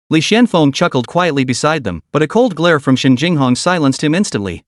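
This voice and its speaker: A man giving steady, scripted recap narration of a fantasy story. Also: a little high, fairly quick, hardly any pauses, dry recording, clean studio sound.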